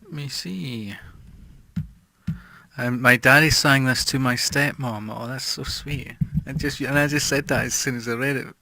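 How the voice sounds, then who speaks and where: A man chatting casually as a music streamer, reading out viewer comments and trailing off quietly. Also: mid-range voice, fairly even intonation, unhurried, creaky, slight background noise.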